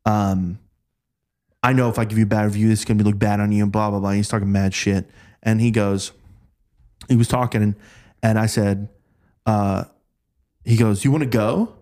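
Low-voiced man telling a story. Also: normal speed, pauses often. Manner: animated, acts out quoted voices. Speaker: podcast guest recounting work stories. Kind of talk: casual storytelling chat.

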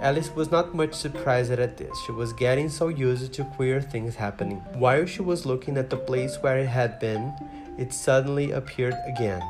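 A man narrating a storybook in a measured, even way. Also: mid-range voice. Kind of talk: storybook reading. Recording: reading over guitar music. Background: guitar music.

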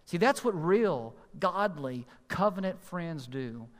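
A man's voice: a little high, lively intonation. Earnest preacher man with a raised voice. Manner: earnest, emphatic preaching with slow stressed phrases. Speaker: pastor. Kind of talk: sermon. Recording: long hall reverb.

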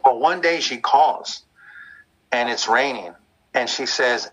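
A man's voice: medium pitch, unhurried, fairly bright tone, slightly rough, low-quality recording. A man talking candidly and reflectively about his past in a loose, conversational way. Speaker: guest sharing his story.

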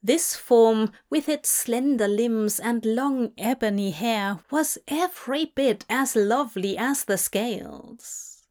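A woman reading a story aloud in a gentle, unhurried storytelling voice. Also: a little high. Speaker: reader. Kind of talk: audiobook-style fan fiction reading.

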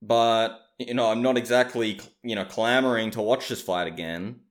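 A man's voice: medium pitch, fairly even intonation, normal speed. A man casually recapping fights as a commentator, opinionated and chatty, often hedging his claims. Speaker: MMA commentator.

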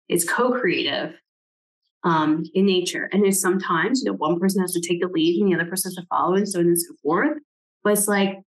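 A woman's voice: lowish voice, low-quality recording. A woman giving a casual, reflective talk, thinking aloud as she reads passages from a book, with many "like"s and "right?"s.

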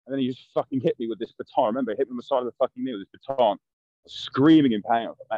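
A young man with a medium-pitched voice tells stories quickly as a guest in casual chat, blunt and swearing constantly while acting out what people said. The recording is dry and dull.

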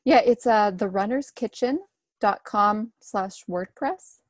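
A young woman in her twenties, a guest in a casual interview, talking in a relaxed, chatty way with many fillers. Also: mid-range voice, slow, dry recording, studio quality. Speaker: guest, runner and food blogger.

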